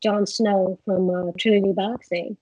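A woman guest in a casual interview, telling animated stories and acting out what people said. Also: mid-range voice, unhurried, no room sound, low-quality recording. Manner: animated storyteller, acts out quotes.

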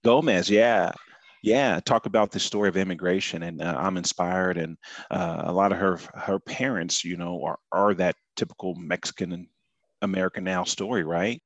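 A man with a low, deep voice and an Oklahoma twang chats as a podcast guest. He talks in an easygoing, folksy way and drops in a "y'all" here and there. The sound is dry and close, with no room echo. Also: fairly even intonation, normal speed. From Oklahoma City. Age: adult, married father. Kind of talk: casual conversation.

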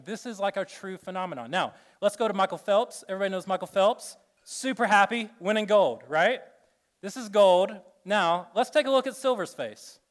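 A slightly higher-pitched man preaching a sermon to a live room. He talks in a casual, joking way and acts out little voices. Then his delivery turns soft and earnest. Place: room with an audience.

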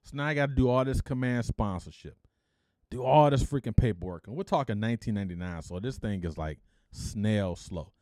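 A middle-aged podcast host from Detroit spins a story in a lively, casual way. He slips into the voices of the people he quotes and throws in blunt, slangy asides. The sound is close and dry, with no room tone at all. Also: lowish voice, a little fast, dry recording. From Detroit, USA.

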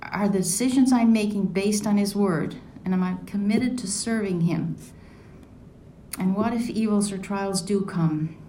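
A woman's voice: mid-range voice, measured pace, warm tone, slight background noise. A woman giving a personal devotional talk, reflective and asking many questions as she reads scripture and tells a story. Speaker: devotional speaker. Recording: echoey room, mic at a distance.

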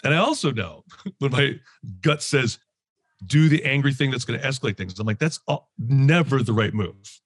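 Husky Canadian-raised man, animated talk. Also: medium pitch, moderate pace, no room sound. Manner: animated, laughs often, acts out his inner voice. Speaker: guest speaker. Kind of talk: candid reflective talk.

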